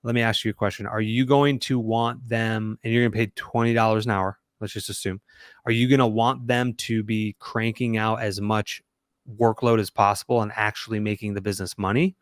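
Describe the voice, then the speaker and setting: A man's voice: lowish voice, little pitch movement, fairly quick, no echo, studio quality. A man coaching a small business owner, direct and challenging, speaking from his own experience. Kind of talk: coaching conversation.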